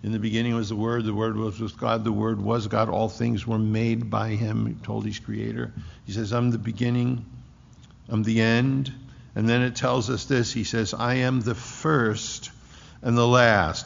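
A man's voice: on the low side, little pitch movement, normal speed, creaky. Man, pastor, sermon, emphatic repetition, church hall, long reverb, muffled lo-fi sound. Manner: emphatic, repeating key phrases. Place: church sanctuary.

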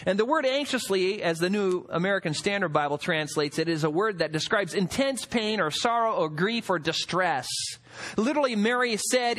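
A male pastor delivering a sermon with a high, expressive voice. He swings widely up and down in pitch, reading verses and asking the room rhetorical questions, then dropping into acted-out quotes of the people he describes. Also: moderate pace.

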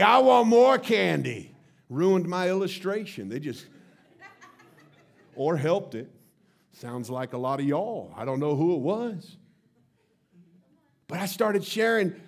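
A male pastor with a notably high voice preaches in a church. He tells his story in an animated way and acts out the dialogue in a livelier voice. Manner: animated storytelling, acting out dialogue with rising pitch. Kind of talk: sermon. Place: church sanctuary.

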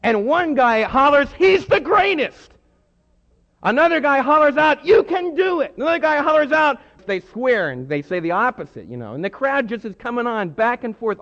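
A man preaching a sermon with emphatic delivery, swinging between hushed and loud. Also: extremely high pitch. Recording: muffled sound with long hall reverb.

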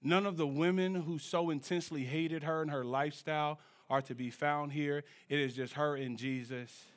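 Pastor guy preaching in church, high voice, goes quiet then yells, gets the crowd to answer back. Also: steady tone, moderate pace. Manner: preaching with wide swings from quiet to shouting; call-and-response with the congregation. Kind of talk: sermon.

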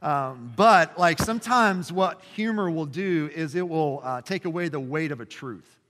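A man's voice: on the high side, measured pace, a bit bright. Passionate pastor in his forties, reverberant church. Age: 40s. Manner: passionate, conversational, lots of fillers and restarts. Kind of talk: sermon. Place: church sanctuary. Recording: long reverb in a church hall.

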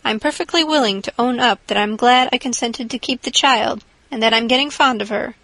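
A woman reading the part of a stern, practical older woman in an audiobook, brisk and scolding. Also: fairly high pitch, a bit bright, no room sound, rough recording. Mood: grudging.

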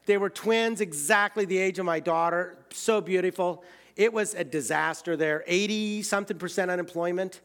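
An American man telling a personal travel story in a casual way, full of fillers, swinging between excited outbursts and quiet, hushed moments. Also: high voice, clear, resonant tone. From United States.

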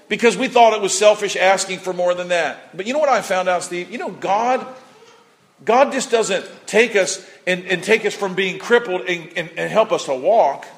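High-voiced male preacher, animated storyteller, sermon. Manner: animated storytelling, voices people, repeats words, shouts at peaks.

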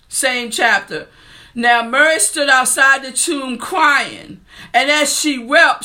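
Woman preacher, high and bright, slow and earnest sermon delivery. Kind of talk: sermon with scripture reading.

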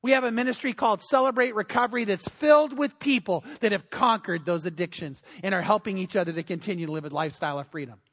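High-voiced pastor telling a story. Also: male voice, fast, few pauses, long reverb tail. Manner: earnest, drops to a hush in tender moments, rises when urging. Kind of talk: sermon storytelling.

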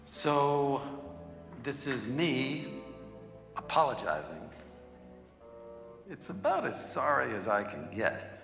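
A sulky man bargains his way around an apology in a dry, dodging tone. His pitch jumps around, and the clip echoes through a hall with music under it. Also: sing-song, takes it slowly, gravelly, pauses often, exaggerated voice. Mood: grudging. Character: grudging middle-aged man forced to apologize.

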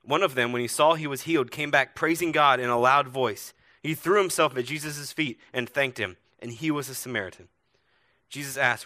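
A man delivers a sermon from a church stage with a bright, forceful tone. He tells stories and asks earnest rhetorical questions, swinging between loud emphasis and hushed moments. The sound is close and dry. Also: medium pitch, moderate pace, dry recording. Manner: earnest storytelling, rhetorical questions, varied loudness. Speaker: pastor.

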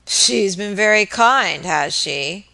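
A surly, half-drunk landlord growls through a thick, muffled voice, dragging his words in coarse country speech, as a woman reads him aloud. The delivery is slow and heavy, with a tense, bright edge. It has the feel of an audiobook. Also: medium pitch. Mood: drunken sneer. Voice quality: thick, slurred, muffled with drink. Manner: growling, sneering, rough dialect. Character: drunken brutish male innkeeper, surly.

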